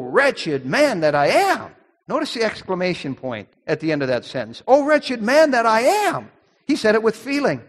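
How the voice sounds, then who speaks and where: A man's voice: high-pitched, a bit bright, big-room sound. A man preaching a sermon as pastor, emphatic and rising on key words.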